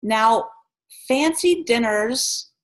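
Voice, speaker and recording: A woman's voice: a little high, very slow. Chatty woman telling a travel story. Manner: chatty, animated, laughs while telling stories. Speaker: vlogger. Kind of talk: casual storytelling vlog.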